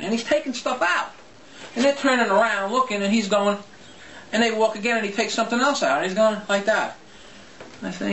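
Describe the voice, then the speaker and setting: A man's voice: fairly high pitch, fairly bright tone. Blunt, indignant New man. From New Jersey, USA. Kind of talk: rambling anecdote. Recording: echoey room, distant mic, faint noise.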